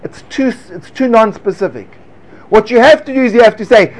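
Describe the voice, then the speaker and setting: A man with a fairly high voice gives an earnest, hands-on lecture on teaching Talmud to a small group. He talks as if demonstrating each point, and now and then drifts into a sing-song study chant. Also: expressive, moderate pace.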